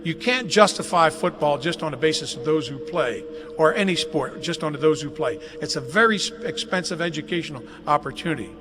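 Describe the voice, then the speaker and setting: This live webcast catches an older man speaking fairly quickly in a fairly high voice, telling folksy, joke-laden anecdotes at a dedication ceremony inside a big athletic facility. The hall's long reverb and faint noise are audible.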